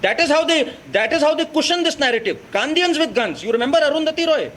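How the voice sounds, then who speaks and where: A man's voice: extremely high pitch, animated, quick pace, fairly bright tone, a little hiss or hum. A man with an Indian English accent speaking as a debate panelist, accusatory and firing off rhetorical questions. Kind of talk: heated televised debate.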